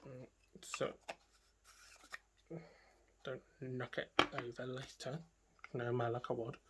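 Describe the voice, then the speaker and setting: A woman's voice: rumbling low, flat delivery, takes it slowly, noisy background. A woman beauty vlogger talking casually through a makeup tutorial, chatting to herself and trailing off into murmured asides as she works.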